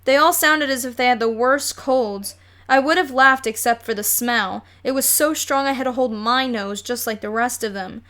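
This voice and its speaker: Female storybook reader, lively, bright tone, slightly high voice, reads the narration. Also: moderate pace. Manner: lively, plays every character. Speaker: audiobook reader.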